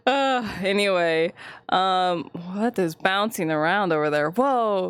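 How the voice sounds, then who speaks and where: A woman's voice: mid-range voice, animated, slow, a bit bright, clear, resonant tone, no echo. A young woman streamer in casual live-stream chat, rambling, giggling often and swearing freely.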